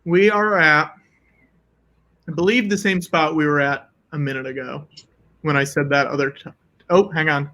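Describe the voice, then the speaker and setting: A man with a bright, rather high voice, easygoing and laughing along as he reports totals. He has a light, casual delivery. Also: fairly even intonation, moderate pace, long pauses. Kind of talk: casual chat.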